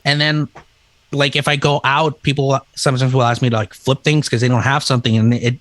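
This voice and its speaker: A man co-hosting a casual chat, a cook telling stories in a relaxed, swearing, laughing way. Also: mid-range voice, a little fast, no room sound. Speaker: podcast co-host, cook.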